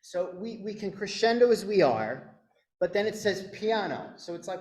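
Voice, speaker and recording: Male choir director, lively pitch, rehearsal instruction, roomy echo, faint piano behind. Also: moderate pace. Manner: animated, coaching, demonstrates sung phrases.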